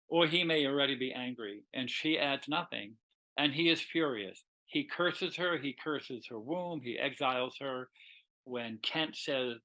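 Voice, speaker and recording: A man's voice: mid-range voice, a little slow, sharp tone, low-quality recording. A man giving a conversational literature lecture, retelling scenes animatedly and slipping into quoted dialogue.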